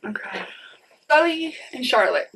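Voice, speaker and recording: A woman's voice: on the high side, lively intonation, a little slow, fairly bright tone, a little hiss or hum, low-quality recording. A woman in her thirties chatting casually to viewers about her new books, rambling and enthusiastic, often saying "you guys.". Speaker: book vlogger. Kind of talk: casual book haul chat.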